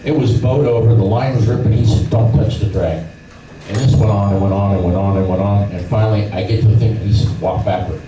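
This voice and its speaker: This man talks fast with hardly any pauses, his voice on the low side. He's a middle-aged fishing guide sharing stories at a club talk, animatedly acting out voices and sounds. The recording is distant, echoey and noisy.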